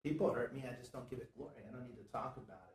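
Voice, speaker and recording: A man's voice: mid-range voice, very fast, darkish tone. A man hosting a casual motivational chat in a studio, talking in an earnest, preachy way and leaning on "you know" a lot. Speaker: show host and business owner. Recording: roomy, distant from the mic.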